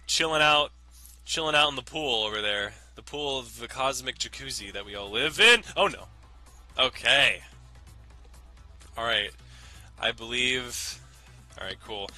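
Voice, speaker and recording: A young man talks his way through a video game in a loose, rambling stream of jokes and swearing. His voice is bright and cutting, with a mid-range pitch. Faint game music plays underneath. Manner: rambling, jokey, swears often. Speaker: let's play host. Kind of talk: casual gameplay commentary.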